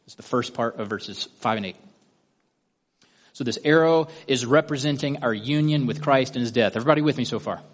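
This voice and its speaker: A man's voice: mid-range voice, fairly quick. Methodical male Bible teacher. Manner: methodical, guiding listeners step by step through a drawing. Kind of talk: Bible study lesson.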